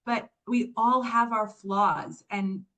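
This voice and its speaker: Brief: woman podcast guest, mid-pitch, chatty and candid, lots of casual fillers. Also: fairly even intonation, slow, a bit bright. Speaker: podcast guest, business founder.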